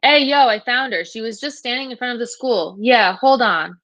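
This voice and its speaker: A woman's voice: fairly high pitch, moderate pace, a bit bright, no echo, muffled recording, voice pushed up, lightly acted. A woman reading an easygoing teasing teen boy. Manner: teasing, casual.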